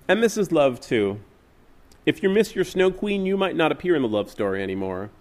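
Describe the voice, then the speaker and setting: A man reading literary fiction aloud in a measured, wistful way. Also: on the high side, big pitch swings, darkish tone. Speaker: reader.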